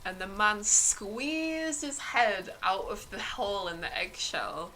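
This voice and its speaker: Woman streamer, improv storyteller: slow, bright-toned, giggly narration. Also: mid-range voice, slight background noise, low-quality recording.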